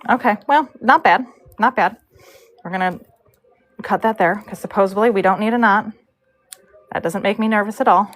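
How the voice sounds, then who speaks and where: A woman's voice: mid-range voice, moderate pace, long pauses. A woman live-streaming as she braids hair, telling a rambling story in a chatty way, full of fillers and asides about her work. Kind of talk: casual storytelling while working.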